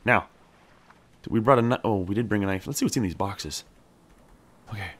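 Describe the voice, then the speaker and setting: A man's voice: fairly low pitch, moderate pace, slightly rough. A man playing a survival game and chatting through it, talking to his character and cheering on each catch. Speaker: gameplay streamer. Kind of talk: casual let's-play commentary.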